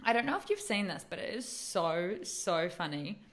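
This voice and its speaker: A woman co-hosting a podcast, telling animated stories in casual chat, acting out quotes and laughing often. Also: lowish voice, normal speed. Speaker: podcast co-host.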